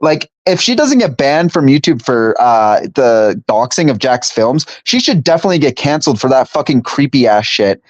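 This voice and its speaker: A man's voice: medium pitch, big pitch swings, normal speed, few pauses, no echo. Young male streamer, stuffy nose, casual and profane, dry slightly dull mic sound. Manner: casual, profane, reads chat aloud. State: stuffy from allergies. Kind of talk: casual live-stream chat.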